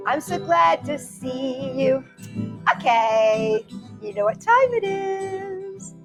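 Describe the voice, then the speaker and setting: Animated, lilting woman reading to children. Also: extremely high pitch, takes it slowly, creaky, over music. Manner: sing-song, encouraging, talks directly to kids. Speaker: children's story time host. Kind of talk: reading picture books and poems to young children.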